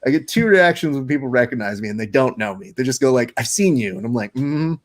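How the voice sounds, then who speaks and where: A man's voice: mid-range voice, quick pace. A man hosting a casual podcast interview, joking and rambling through a story. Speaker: podcast host.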